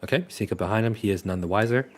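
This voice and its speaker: A man's voice: on the low side, rapid-fire, a little hiss or hum. A young man running a tabletop game among friends, narrating casually with plenty of fillers. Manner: casual, filler-heavy, laughs often. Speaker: game master.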